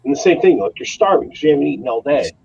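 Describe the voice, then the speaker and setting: Gravelly animated man, lo-fi. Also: mid-range voice, rapid-fire. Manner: animated, profane joker. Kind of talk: casual chat. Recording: dull lo-fi sound.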